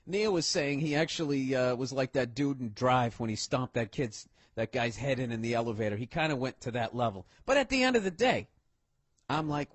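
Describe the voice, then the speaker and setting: A man telling a profane story on stage as a stand-up comedian, loud and swearing, acting out the characters he talks about. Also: mid-range voice, lively intonation, moderate pace, no room sound.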